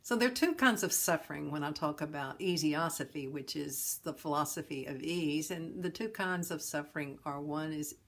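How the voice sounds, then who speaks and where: A woman hosting a talk on suffering, telling a parable in a gentle, folksy way. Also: low-pitched, normal speed, hardly any pauses. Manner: gentle, folksy storyteller with chuckles. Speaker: host and teacher of a philosophy of ease.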